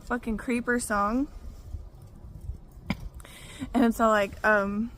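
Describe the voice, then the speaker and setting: A woman's voice: a little high, little pitch movement, slow, fairly bright tone, slight background noise. A woman, telling her own story in a frank, profane vlog full of "you know" fillers. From Arkansas, US. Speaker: vlogger. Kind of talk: casual personal testimony.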